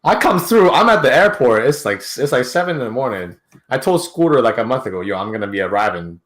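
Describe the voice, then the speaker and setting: A man's voice: medium pitch, brisk. Slangy young man telling a story. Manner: slangy, animated storytelling with many restarts. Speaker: guest. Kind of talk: casual storytelling.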